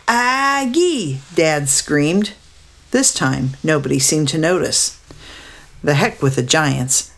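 A woman narrating a storybook aloud in a steady, descriptive way. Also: low voice.

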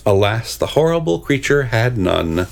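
Gravelly, expressive male storyteller. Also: mid-range voice, moderate pace. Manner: expressive, with hesitant asides. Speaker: storyteller and describer. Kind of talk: storybook reading with picture descriptions.

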